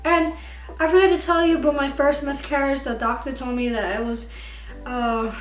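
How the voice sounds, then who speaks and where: A woman's voice: high-pitched, fairly even intonation, moderate pace. A young woman vlogger candidly telling a personal story to camera, emotional and tearful at times. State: crying at times. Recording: echoey room, far from mic, faint music.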